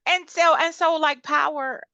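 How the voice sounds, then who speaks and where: A woman co-hosting a casual podcast about reality TV, animated and quick to mimic the people she talks about. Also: high-pitched, no echo, lo-fi sound. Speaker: podcast co-host.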